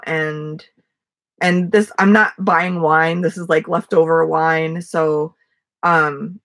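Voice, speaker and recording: A woman's voice: fairly low pitch, vocal fry, a bit bright. Casting: middle-aged woman, casual vlogger, rambling outdoor livestream chat. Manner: rambling, chatty, many fillers and restarts. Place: outdoors in a front yard.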